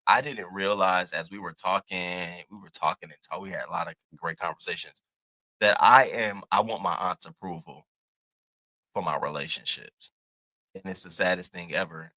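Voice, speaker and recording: A man hosting his own channel, telling a casual story to his viewers in an animated, profane, chatty way. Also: low-pitched, no echo. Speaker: host.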